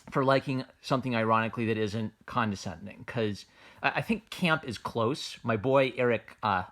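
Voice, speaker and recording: Man, casual review, mid pitch, rambling, filler-heavy, amused. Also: fairly bright tone. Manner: rambling, lots of fillers like "like" and "uh", frequent restarts, amused. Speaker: manga reviewer.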